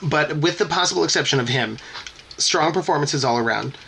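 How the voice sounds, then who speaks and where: A man's voice: on the high side, lively intonation, fairly quick, creaky, a bit bright, a little hiss or hum. Rambling male podcast co-host. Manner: rambling, self-interrupting, laughing. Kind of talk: casual chat.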